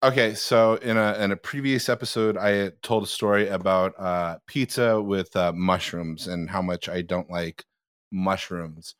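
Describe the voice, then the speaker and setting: A man's voice: deep voice, measured pace, clean tone, no echo, clean studio sound. A man telling a story on a casual podcast, acting out the quoted lines. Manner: animated, acts out quotes. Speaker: podcast panelist.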